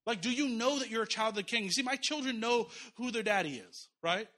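A pastor with a high, bright voice delivers a church sermon, speaking a little fast and conversationally to his congregation. He chuckles now and then and keeps repeating his key phrases, with a forceful, sharp edge to his tone.

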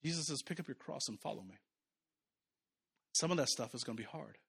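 A man's voice: medium pitch, expressive, brisk, creaky, fairly bright tone, breathy edge. A man preaching as pastor, talking conversationally to his church and rising to fervent emphasis. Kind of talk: sermon.

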